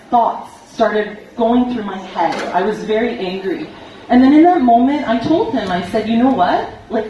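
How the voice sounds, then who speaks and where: A young woman telling a personal story to a live audience. She talks earnestly and gets animated when she quotes people. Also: mid-range voice, a little hiss or hum. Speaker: relationship coach speaking to an audience. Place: event hall. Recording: echoey room, voice from far off.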